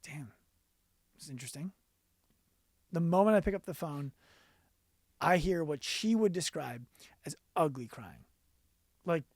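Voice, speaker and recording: A man being interviewed on a podcast as a business coach, telling stories earnestly and going quiet for the emotional parts. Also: a little high, dry recording, studio quality.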